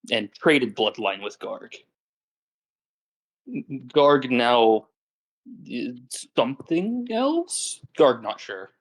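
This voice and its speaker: Player doing a simple, friendly male ogre. Broken third-person speech, mid pitch. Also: heavily acted, low-quality recording. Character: male ogre, plain-spoken, friendly, blood-drinking.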